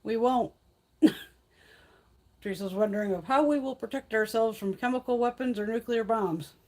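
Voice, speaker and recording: A woman with a fairly high, darkish voice speaks unhurriedly as she hosts a beauty livestream. Relaxed and blunt with her viewers, she swears freely and laughs a lot, broadcasting from her mountain home.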